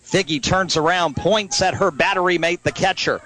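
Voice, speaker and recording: A man calling a youth softball game live as a radio play-by-play announcer, brisk and lifting on big plays. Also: sits high, steady tone, soft background music, poor audio. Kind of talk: live sports play-by-play commentary.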